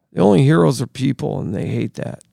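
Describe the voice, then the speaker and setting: A man ranting angrily as a podcast guest, swearing freely and climbing higher in pitch as he gets worked up. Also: expressive, normal speed, creaky, mellow, no echo, studio quality. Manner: angry, profane ranting that builds in pitch. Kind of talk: heated podcast conversation. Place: studio.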